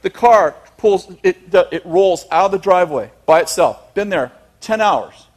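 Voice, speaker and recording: A male preacher telling a long, humorous story in a sermon, animated and chuckling, with emphatic asides. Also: high-pitched, normal speed.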